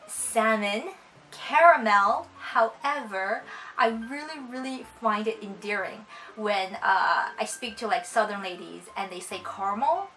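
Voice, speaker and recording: Bright, chatty young Canadian woman. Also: fairly high pitch, rough recording. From China. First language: Cantonese. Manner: chatty, reads a word list one word at a time. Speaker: vlogger. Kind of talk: casual chat.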